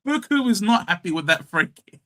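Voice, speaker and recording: A young Australian man hosting a casual live watchalong, calling the game and chatting with viewers, shouting at the big plays. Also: sits high, sing-song, normal speed. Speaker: live stream host.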